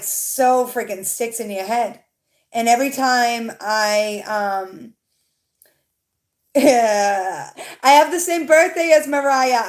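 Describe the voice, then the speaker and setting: A woman's voice: mid-range voice, a little mellow. A young adult woman tarot reader hosting a livestream, chatting casually and rambling, swearing now and then, and talking to her viewers in the chat.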